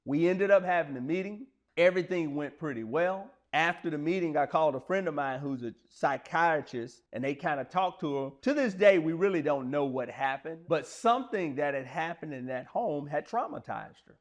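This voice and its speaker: A man's voice: fairly high pitch, animated, normal speed, hardly any pauses. A man, telling personal stories in an earnest, plain-spoken, conversational way to motivate listeners. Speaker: speaker sharing personal stories. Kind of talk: motivational storytelling monologue.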